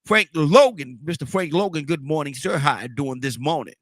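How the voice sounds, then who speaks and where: A man's voice: a little high, normal speed, dry recording. A man hosting a call-in talk show, repeating himself often in a rambling, laughing manner. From Atlanta, Georgia, US.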